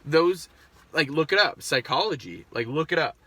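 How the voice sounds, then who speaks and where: A man's voice: a little high, sing-song, moderate pace, pushed and bright, slightly rough. A man in his thirties, a parent of a seven-year-old, talking candidly in a casual, rambling monologue with swearing and frequent restarts. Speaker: podcast host.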